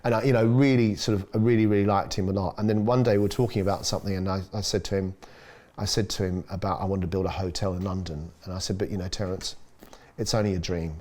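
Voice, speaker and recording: A middle-aged Australian man, a chef, chatting casually on a podcast and telling lively stories, acting out quoted voices with big jumps in pitch. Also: fast talker. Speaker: chef guest.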